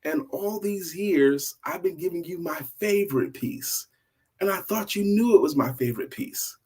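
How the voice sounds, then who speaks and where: A man voicing a gentle elderly husband who talks softly and apologetically. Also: high-pitched, animated, normal speed, husky, voice pushed up. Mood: apologetic. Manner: soft, apologetic.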